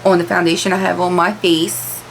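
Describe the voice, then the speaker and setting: A woman's voice: lowish voice, little pitch movement, normal speed, creaky, slight background noise, poor audio. Chatty woman unboxing beauty products. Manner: chatty, candid, repeats words. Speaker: beauty vlogger. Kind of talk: casual unboxing chat. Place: home room with ring light.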